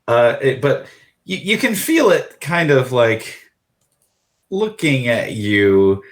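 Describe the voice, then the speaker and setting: A man narrating as game master of a tabletop game, halting with frequent restarts. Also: mid-range voice, very animated, echoey room.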